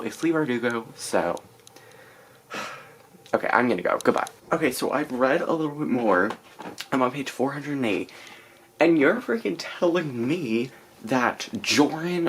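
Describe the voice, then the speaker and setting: A woman's voice: very deep voice, a little hiss or hum. Chatty young woman vlogging about books. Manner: chatty and exasperated, many fillers. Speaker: book vlogger. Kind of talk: casual reading vlog. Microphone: camera mic.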